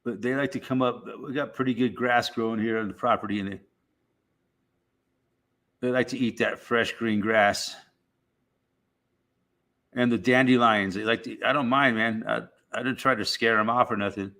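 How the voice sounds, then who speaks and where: A middle-aged man chats on his live stream in a loose, rambling way, swearing freely. His voice has a bright, forward edge at an ordinary male pitch. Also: steady tone, normal speed, pauses often. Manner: rambling, profane, laid-back. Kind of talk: casual live stream chat.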